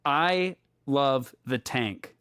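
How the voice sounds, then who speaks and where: A man co-hosting a podcast in casual chat, walking listeners through an experiment with playful, deliberate explanations. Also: medium pitch, animated, a bit bright, clean tone, no room sound, clean studio sound. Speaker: podcast co-host.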